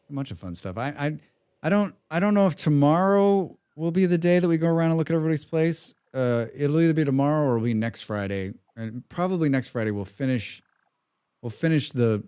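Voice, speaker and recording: This man streams a building game, chatting casually with his viewers as he rambles, hums, and mutters to himself, tossing in the occasional casual swear. His voice is medium-pitched, mellow, and smooth.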